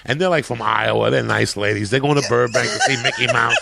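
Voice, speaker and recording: A man who is a podcast guest, telling loud, profane stories in casual chat. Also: mid-range voice, huge pitch swings, brisk, creaky, heavy background noise.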